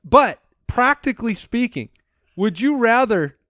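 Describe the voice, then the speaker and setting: A man's voice: extremely high pitch, very animated, a little slow, fairly bright tone, no room sound, clean studio sound. A man co-hosting a comedy podcast who asks questions and steers the talk. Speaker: podcast co-host. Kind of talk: casual comedy chat.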